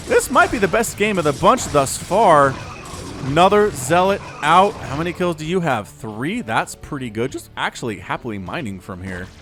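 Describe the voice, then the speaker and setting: A man casting a real-time strategy match with animated commentary and quick excited bursts. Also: fairly high pitch. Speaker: StarCraft caster.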